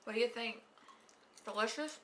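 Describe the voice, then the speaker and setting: In her kitchen, a woman hosts a casual home baking vlog, patiently giving step-by-step instructions and coaching a child. Her voice is fairly high and moderately paced, with slight background noise.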